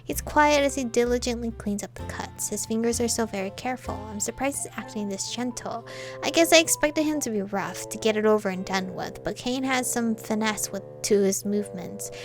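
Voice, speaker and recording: Brief: woman narrating a romance game playthrough, chatty with joking asides, slightly high voice, soft music behind. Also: brisk. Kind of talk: reading a romance visual novel aloud with commentary.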